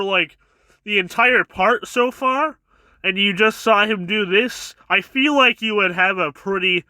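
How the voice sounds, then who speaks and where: A man's voice: sits high, bright, forceful tone, dry recording. A man casually recapping and reviewing a manga chapter, rambling a bit as he retells scenes. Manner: rambling, retells scenes with quick quoted voices.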